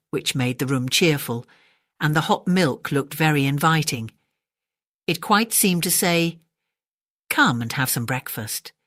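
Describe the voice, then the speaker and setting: Gentle low-voiced English woman narrator. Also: dry recording, studio quality. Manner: gentle, measured. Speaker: audiobook narrator. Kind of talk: gentle bedtime story narration.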